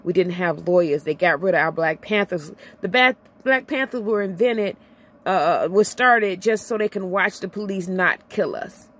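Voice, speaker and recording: In a personal vlog, a middle-aged Illinois woman rants with deep feeling, almost in tears, going over the same points as her voice swings up and down. She sounds animated and talks at a normal speed.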